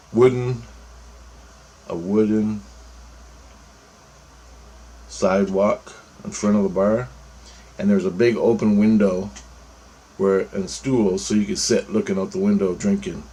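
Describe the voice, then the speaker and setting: A man's voice: lowish voice, fairly even intonation, unhurried, pauses often, warm tone, slightly rough. A man telling a story about a dream in a rambling, profane, casual way. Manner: rambling, profane, restarts phrases.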